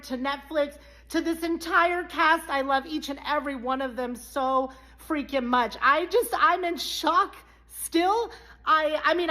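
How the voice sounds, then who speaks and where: A woman's voice: sits high, bright, forceful tone. A woman talking in an effusive, rambling way in a casual social media video. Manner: effusive, rambling, talks fast.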